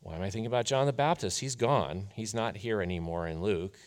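A man preaching a sermon as a pastor, telling the story in a conversational, animated way. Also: on the low side, a little fast.

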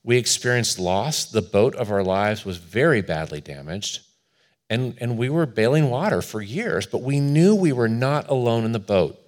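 A man preaching a sermon as pastor, telling a personal story in an earnest way, swelling louder and then dropping to a hush. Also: mid-range voice, animated, moderate pace.

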